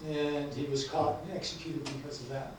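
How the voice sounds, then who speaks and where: A man, an author, talks casually and haltingly about his book at a lecture event. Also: a little high, little pitch movement. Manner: hesitant, many fillers. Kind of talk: book talk and reading. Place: lecture hall. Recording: echoey hall, mic from far off, faint noise.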